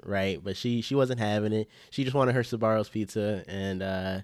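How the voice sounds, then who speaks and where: A man's voice: on the low side, fairly even intonation, moderate pace, darkish tone, dry recording. A young man casually telling a funny story on a podcast, laid-back and slangy, swearing freely. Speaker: podcast co-host.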